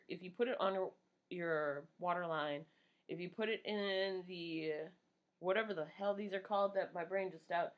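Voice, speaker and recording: A woman in her thirties chats away casually while she does her makeup. She rambles from one thing to the next, swears freely and makes fun of herself as she talks. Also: on the low side. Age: 30s. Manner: rambling, profane and self-mocking. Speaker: vlogger.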